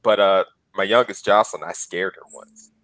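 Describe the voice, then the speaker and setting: A man's voice: low-pitched, steady tone, moderate pace, fairly bright tone, dry recording, rough recording. A man in his forties on a podcast panel, telling earnest stories and acting out the lines he quotes. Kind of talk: casual panel discussion.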